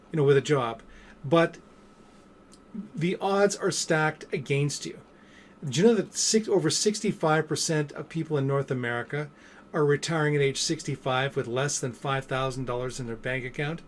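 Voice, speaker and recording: A middle-aged man vlogging as a business coach, telling stories in a loose, chatty way with lots of fillers and restarts. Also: on the high side. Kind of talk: casual motivational talk to camera.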